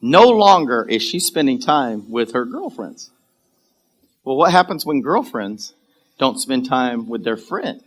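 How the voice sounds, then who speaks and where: A man with a bright, forceful voice preaches from a church pulpit, telling a story from his own life. He talks casually, with plenty of ums, and acts out the people in his tale. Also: medium pitch, moderate pace. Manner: animated storyteller, acts out characters, laughs often. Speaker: pastor. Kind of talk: sermon storytelling. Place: church sanctuary.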